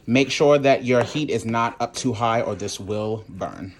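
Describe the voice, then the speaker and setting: Unhurried and medium-pitched, this man hosts a home cooking channel and talks viewers through a recipe in a relaxed tutorial, with a faint hiss or hum under his voice. His manner is sassy and talkative, full of "y'all" and "honey."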